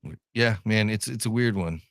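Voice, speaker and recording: A man's voice: on the low side, moderate pace, dry recording, clean studio sound. A man from Ohio co-hosting a podcast in casual chat, joking, laughing often and repeating his words. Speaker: podcast co-host.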